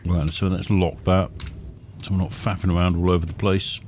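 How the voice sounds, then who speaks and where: A man's voice: low-pitched, little pitch movement, normal speed, darkish tone. A man casually commentating his gameplay live as a streamer, chatty and muttering asides to himself. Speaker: game streamer. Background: spaceship engine and vehicle noise.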